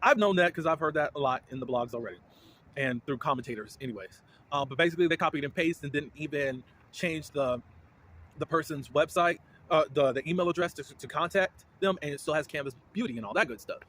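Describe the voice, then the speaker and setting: Guy ranting through a reality show recap, kinda high voice, blunt and worked up. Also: a little fast, slight background noise. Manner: blunt, indignant, animated reactions. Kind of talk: casual commentary.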